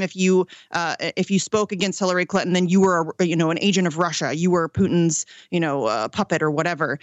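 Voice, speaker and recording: Ohio woman chatting on a radio show, smooth clear voice, lots of ums, dry sound. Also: fairly low pitch, no room sound, lo-fi sound. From Ohio, USA. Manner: chatty, many ums and restarts, laughs often. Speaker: political activist guest. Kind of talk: casual radio interview.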